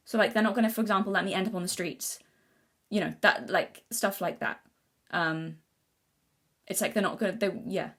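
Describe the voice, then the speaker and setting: Young woman, casual vlog monologue, earnest, restarts a lot, mid pitch. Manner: rambling, many restarts and self-corrections; earnest, thinking aloud. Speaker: vlogger. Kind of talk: casual unscripted talk to camera.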